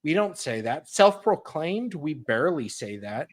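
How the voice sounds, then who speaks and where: American co-host, relaxed slow delivery, casual live chat. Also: mid-range voice. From United States.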